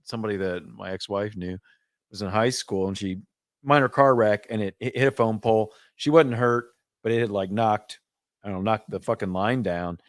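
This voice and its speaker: A man's voice: on the low side, moderate pace, no echo, studio quality. A man chatting crudely on a podcast, trading jokes and laughing with his co-hosts. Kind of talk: casual chat.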